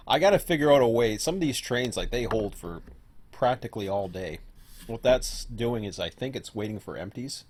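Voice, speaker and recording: A man's voice: on the low side, a little mellow. A man casually chatting and rambling to himself while he plays a train simulator game. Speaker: host. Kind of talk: casual gaming commentary.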